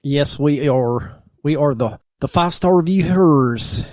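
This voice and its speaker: A man's voice: a little high, a little slow, darkish tone, no room sound, clean studio sound. A man co-hosting a podcast, joking and drawling in casual banter. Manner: joking, drawling Southern talk. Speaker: podcast co-host.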